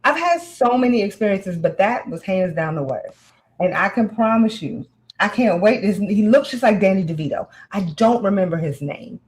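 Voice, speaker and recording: A woman in casual chat, telling a candid personal story with animated, frank delivery. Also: medium pitch, moderate pace, poor audio.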